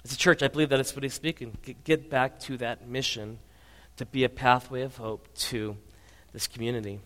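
A man preaches a sermon from the pulpit at a middle pitch. His delivery swings between hushed low passages and raised emphatic ones. The sound carries a long, roomy church reverb. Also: steady tone, brisk. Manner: dynamic preaching, drops to soft low tones then rises. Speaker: pastor. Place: church sanctuary. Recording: reverberant hall.

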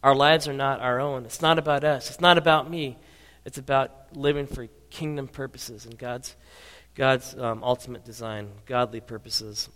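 A man preaches a sermon from the pulpit at a middle pitch. His delivery swings between hushed low passages and raised emphatic ones. The sound carries a long, roomy church reverb. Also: fairly even intonation, normal speed. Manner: dynamic preaching, drops to soft low tones then rises. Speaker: pastor. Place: church sanctuary. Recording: reverberant hall.

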